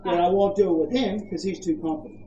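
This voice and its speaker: Australian dog trainer, firm quick commands, recorded from afar with a noisy outdoor background. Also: medium pitch, dark tone, highs cut off. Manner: brisk commands mixed with coaching questions. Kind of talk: hands-on dog training coaching. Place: outdoors at a campground. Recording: echoey, distant, noisy outdoor ambience.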